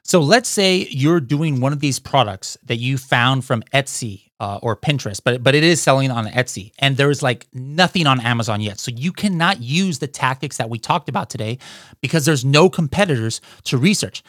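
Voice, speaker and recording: A man hosting a podcast, giving an energetic how-to talk to listeners he keeps calling guys. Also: medium pitch, moderate pace, dry recording, studio quality. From United States. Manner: energetic, addresses listeners as guys, frequent "all right?". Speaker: podcast host.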